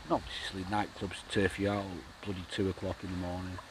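A man's voice: low-pitched, flat delivery, brisk. A middle-aged man, rambling through a story while fishing, swearing freely. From Manchester, England. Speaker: angling vlogger. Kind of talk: casual anecdote. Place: outdoors by a lake, boat noise nearby. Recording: noisy outdoor lakeside recording.

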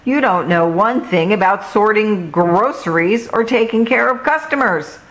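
Woman voicing a carefree female shopkeeper, breezy, dismissive, slow, lively. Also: mid-range voice, pitched above the performer's own voice, close to an everyday voice, low-quality recording.

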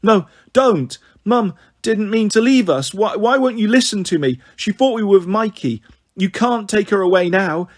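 A man's voice: sits high, sing-song, normal speed, few pauses, a little mellow, husky, pitched above the performer's own voice, heavily acted. A man voicing a desperate, protective young girl in a storybook reading, insistent and pleading.

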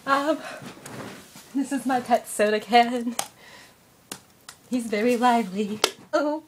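A woman's voice: a little high, takes it slowly, background noise. A teenage girl making a silly home video, giggling constantly and speaking with mock drama. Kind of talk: goofy joking home video.

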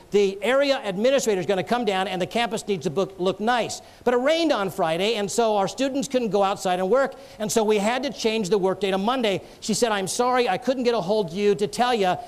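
A man preaching a sermon to a congregation, telling stories earnestly and joking with listeners now and then. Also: high voice. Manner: earnest, storytelling with jokes to the congregation.

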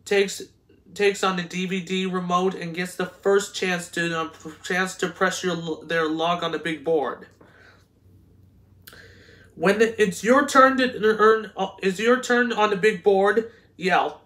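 A man reading game instructions aloud, halting and stumbling over words with frequent restarts. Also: high-pitched, a bit bright. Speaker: host.

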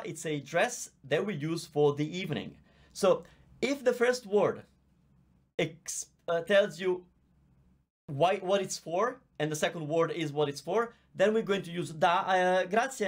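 A man whose voice sits high teaches Italian, his native language, in a live online Q&A session. With an Italian accent, he patiently explains and chats while reading viewer comments, a microphone in plain view.

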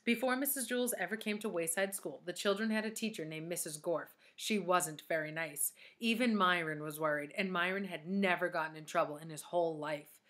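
A woman reading a children's chapter book aloud, expressive and speaking directly to young listeners. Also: fairly low pitch, brisk, hardly any pauses. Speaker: storybook reader.

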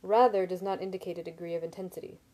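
Brief: unflappable young man read by a woman, slow and dry, mellow tone. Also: on the low side, fairly even intonation, natural voice.

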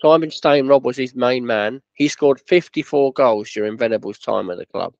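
A man narrating a football club history in a plain, steady storytelling way, with quoted dialogue. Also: medium pitch, normal speed, creaky, no room sound, lo-fi sound.

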